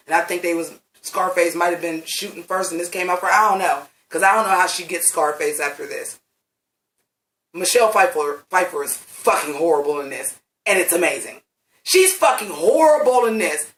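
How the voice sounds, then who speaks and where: A reviewer in their late thirties talks through a film in a loose, profane ramble, hitting points with blunt emphasis. The voice sits in the middle of the pitch range. It sounds roomy and off-mic. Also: fairly bright tone, distant mic. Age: late 30s. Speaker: movie reviewer. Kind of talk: casual vlog review.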